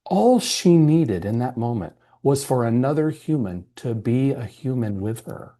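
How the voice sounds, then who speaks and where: A man in a podcast interview tells a story with feeling, voice at an ordinary middle pitch. He sounds earnest and animated, and he slips into the voices of the people he describes. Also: measured pace. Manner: animated, acts out quoted dialogue; emotional, earnest recounting. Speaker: podcast guest, EQ coach.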